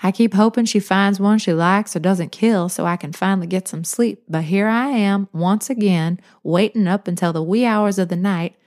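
A woman's voice: mid-range voice, normal speed, hardly any pauses, a little mellow, close to an everyday voice. Woman doing a teasing old grandmother. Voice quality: soothing, drawling.

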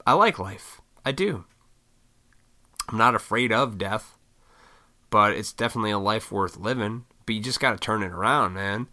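A man from Illinois ranting in a casual solo monologue, blunt and profane, with mocking high-pitched put-on voices. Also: lively intonation, normal speed, long pauses, sharp tone. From Illinois, USA. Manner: works in restaurants.

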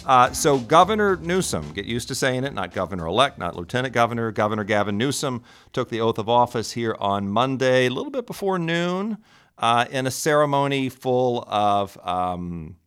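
A man's voice: mid-range voice, animated, normal speed, fairly bright tone, clear, resonant tone. A man hosting a political podcast, talking in a wry, conversational way. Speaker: podcast host. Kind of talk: casual political talk.

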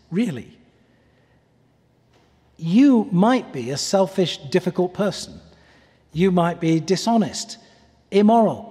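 A man preaching a sermon, earnest and pleading, often letting his voice drop softly on key words. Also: high-pitched, slightly rough. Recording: long reverb of a large hall.

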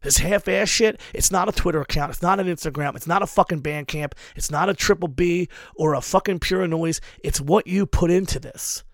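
A man's voice: high voice, brisk, hardly any pauses, no echo, studio quality. Emphatic swearing man, heavy cursing. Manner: emphatic, heavy swearing, drives points hard. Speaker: hardcore show booker. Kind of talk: profane advice rant.

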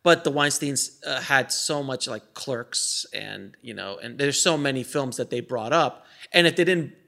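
Gravelly, bright-voiced man telling stories. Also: mid-range voice, measured pace. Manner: animated storyteller, laughs often, many restarts. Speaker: guest filmmaker. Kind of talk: casual interview chat.

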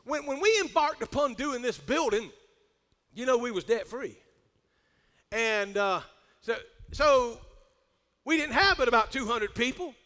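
Preacher man, real high bright voice, hollers amen, church reverb all over it. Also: lively intonation, unhurried, pauses often. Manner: preacherly, rising to shouts, calls for amen. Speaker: pastor. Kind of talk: sermon. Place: church sanctuary. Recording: long hall reverb.

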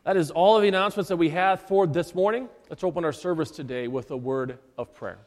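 A man reading church announcements and leading an opening prayer in a folksy way, with gentle asides. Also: fairly high pitch, fast talker. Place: church sanctuary. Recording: long reverb of a church hall.

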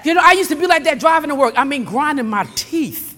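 A middle-aged woman preacher with a high voice delivers a sermon, calling out to the saints in the congregation. She drops into low, chatty storytelling, then climbs to fervent, shouted exhortation. Her voice rings with a long reverb in a large sanctuary. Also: expressive, fast. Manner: swings from low conversational talk to fervent shouting.

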